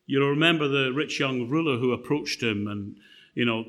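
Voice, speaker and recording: A man's voice: mid-range voice, normal speed, fairly bright tone. A middle-aged man preaching a sermon in a conversational way, telling a personal story with fillers and restarts.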